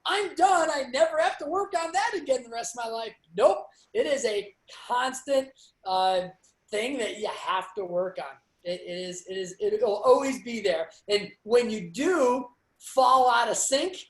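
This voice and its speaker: A man giving an energetic motivational talk as host of a real estate webinar, telling stories from his own life. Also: very high voice, reverberant. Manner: energetic, storytelling. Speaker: real estate sales leader hosting a webinar.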